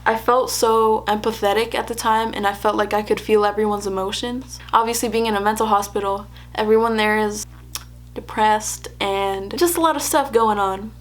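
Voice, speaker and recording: A woman's voice: medium pitch, fairly even intonation, moderate pace. A young woman vlogging, telling a personal story in a chatty way, laughing often and acting out what people said. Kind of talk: casual storytelling to camera.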